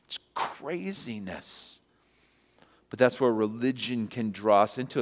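A male pastor preaching a sermon in a church, telling the story with animated, emphatic peaks and asking the congregation to respond. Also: medium pitch. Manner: asks the congregation to answer and respond. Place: church sanctuary. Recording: long church-hall reverb.

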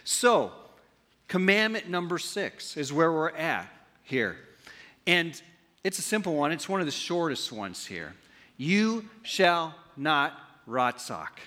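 A man from the preaching a sermon as pastor, animated, often asking the congregation questions. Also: fairly high pitch, measured pace, big-room sound. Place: church hall.

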